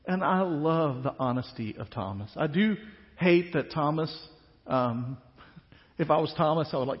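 A male pastor preaching a sermon, animated, acting out the disciples' questions in quick bursts. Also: on the high side. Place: church sanctuary. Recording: dull sound with long church reverb.

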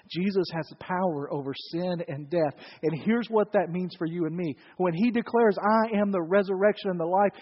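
A man preaching with a very high voice, telling the story dramatically and dropping from ringing calls to near whispers. He sounds like a pastor in a large church hall. The sound is dull and muffled, with long reverb trailing after his words. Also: normal speed, few pauses. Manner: dramatic storytelling, swinging from loud to hushed. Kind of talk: sermon.

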